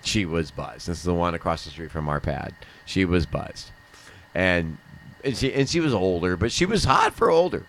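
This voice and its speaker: A man's voice: low voice, animated, normal speed, a bit bright, slight background noise. A man hosting a casual live stream chat, telling rambling stories full of swearing and mock accents. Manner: rambling storyteller, swears a lot, mimics accents.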